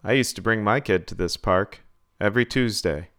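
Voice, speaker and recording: A man's voice: on the low side, normal speed, a bit bright, no echo, studio quality, close to an everyday voice. A man reading the part of a curt, grumbling old man who mumbles short replies. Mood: gruff. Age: older.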